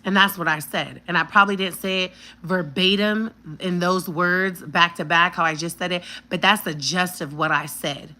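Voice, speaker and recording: A woman's voice: fairly low pitch, steady tone, normal speed, few pauses, bright, forceful tone, low-quality recording. A woman in her thirties telling a personal story on a vlog, blunt and emphatic with plenty of cursing.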